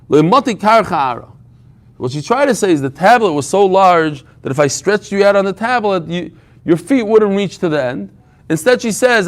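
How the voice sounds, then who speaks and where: Animated joking man teaching Talmud. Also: high-pitched. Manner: lively, joking, quick asides. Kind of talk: daily Talmud class.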